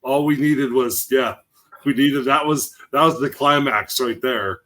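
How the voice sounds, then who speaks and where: A man's voice: medium pitch, a little slow, bright, forceful tone, poor audio. A man co-hosting a podcast, chatting in a laid-back, agreeable way with many fillers. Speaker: podcast co-host. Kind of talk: casual chat.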